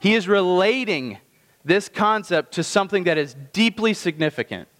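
Male pastor, sermon; slightly high voice, conversational delivery with slow emphasis, long hall reverb. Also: lively intonation, fairly bright tone.

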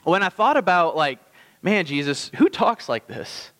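Male pastor, sermon; slightly high voice, conversational delivery with slow emphasis, long hall reverb. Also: very animated, a bit bright.

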